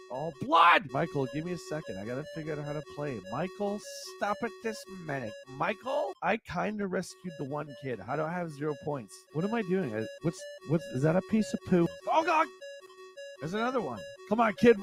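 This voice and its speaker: A man hosting a retro gaming livestream and narrating a playthrough, excitable and yelping as he plays. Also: high voice, a little fast, gravelly, over music. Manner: excitable, yelps and shrieks while gaming. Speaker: livestream host.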